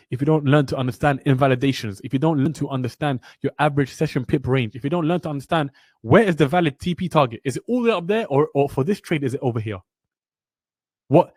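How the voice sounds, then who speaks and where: With a mid-range voice and darkish tone, a young trading mentor lectures in a motivational webinar, captured in a dry recording. He speaks bluntly and passionately, preaching and repeating lines for emphasis.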